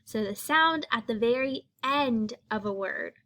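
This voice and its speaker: Slow, bright-voiced woman teaching phonics. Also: on the high side, lively intonation. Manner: slow, patient, sounds out letters. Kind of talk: phonics lesson for young children.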